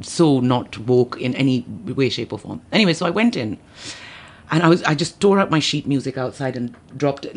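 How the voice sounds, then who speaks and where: A woman with a low-pitched, husky voice is a guest on a podcast, telling a story in casual chat. She's animated and laughing as she acts out other people's lines.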